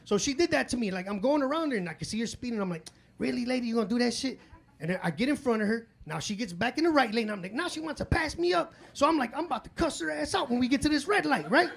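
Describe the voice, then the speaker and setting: A man's voice: very high voice, expressive, fast, vocal fry, hardly any pauses, fairly bright tone, husky. Profane loose-talking man doing stand-up. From Chicago. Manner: loose, profane street talk with lots of fillers. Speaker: stand-up comedian. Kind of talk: stand-up comedy set. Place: comedy club stage.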